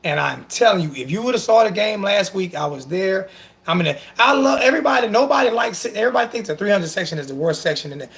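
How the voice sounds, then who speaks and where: A man with a high, gravelly voice talking sports on his show. He is animated and emotional, often repeats himself, and leans on sarcasm. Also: fast. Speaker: sports talk show host. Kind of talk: casual sports talk.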